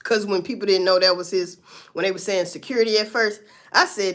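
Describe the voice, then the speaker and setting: A woman's voice: mid-range voice, fairly even intonation, brisk, fairly bright tone. A woman doing casual livestream commentary, blunt and profane as she talks through a story. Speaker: livestream host.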